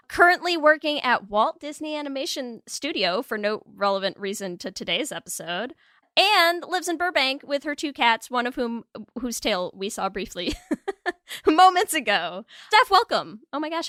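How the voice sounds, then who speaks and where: Woman podcast co-host, bright tone, lively and swearing, dry sound. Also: fairly high pitch, dry recording. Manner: giggly, animated, swears casually. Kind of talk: casual podcast chat.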